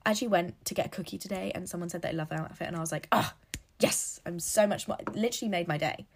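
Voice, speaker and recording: A woman's voice: on the low side, racing. A woman hosting a casual solo podcast, chatty and rambling, laughing at her own slips. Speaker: podcast host.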